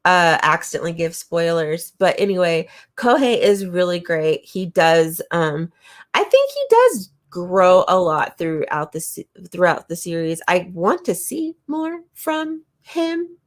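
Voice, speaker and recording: A woman with a slightly low voice chats to camera about manga she has read. She talks enthusiastically and loosely, with plenty of fillers and restarts. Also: very animated, a little slow. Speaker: manga reviewer. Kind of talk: casual chat to camera.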